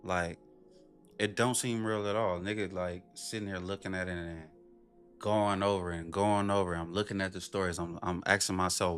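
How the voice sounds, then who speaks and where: A man's voice: fairly even intonation, moderate pace, fairly bright tone, clear, resonant tone, faint music behind. Blunt, profane man reacting to clips. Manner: blunt, profane, incredulous, often mimics in a high voice. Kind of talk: casual reaction commentary.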